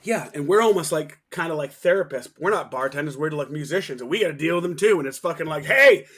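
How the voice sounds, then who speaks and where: A man's voice: a little high, quick pace, husky. A man on a podcast, casually telling a story with lots of swearing, acting out what people said. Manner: animated, swearing, acts out quotes. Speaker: podcast co-host, bass player.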